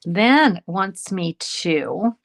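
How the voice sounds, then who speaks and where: A woman's voice: fairly low pitch, animated, extremely slow, fairly bright tone. A woman from Canada chatting casually with viewers while making cards, talking to herself as she works and poking fun at her own slips. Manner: chatty, self-deprecating, talks to viewers while working. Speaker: card-making instructor. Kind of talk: casual crafting tutorial.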